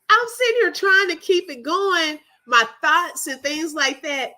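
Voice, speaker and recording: High, lively woman laughing through a story. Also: measured pace, hardly any pauses. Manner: laughs often, animated storytelling, talks to chat. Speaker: livestream host. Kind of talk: casual live chat.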